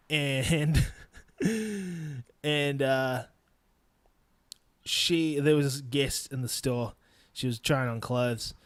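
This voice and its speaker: A young man from New Zealand, with the accent to match, hosts a podcast and delivers a blunt, profane, casual rant in a mid-range voice. He laughs between his points, and the recording is dry.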